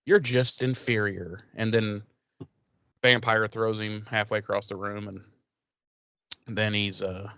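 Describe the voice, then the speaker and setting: A man's voice: fairly low pitch, completely flat delivery, a little slow, gravelly, long pauses, pushed and bright, clear, resonant tone, dry recording. A man casually recapping a TV episode on a podcast, swearing a lot and rambling with loose quoted voices. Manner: profane, rambling storytelling with mocking quoted voices. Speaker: podcast co-host.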